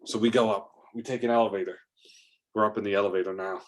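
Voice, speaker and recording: A man's voice: on the low side, fairly even intonation, quick pace. A man narrating an improvised adventure story, rambling along with fillers and restarts.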